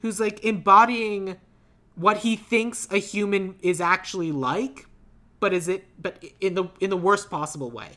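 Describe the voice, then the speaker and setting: A woman's voice: mid-range voice, normal speed, a bit bright. A woman co-hosting a casual podcast, rambling and playful, with lots of "like" fillers. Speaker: podcast co-host.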